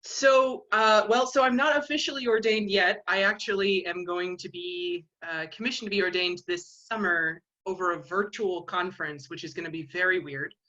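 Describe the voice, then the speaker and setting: A woman's voice: fairly low pitch, normal speed, hardly any pauses, bright, forceful tone. Wry woman on a dull video call line. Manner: wry, self-deprecating humor. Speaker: fan and soon-to-be minister. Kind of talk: casual chat.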